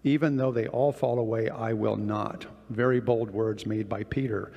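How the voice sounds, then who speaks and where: A man's voice: fairly low pitch, steady tone, normal speed, creaky, big-room sound, dull audio. A man giving a conversational Bible-study sermon as a guest speaker, often checking in with his listeners. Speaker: guest preacher. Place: church or meeting hall with projected slides.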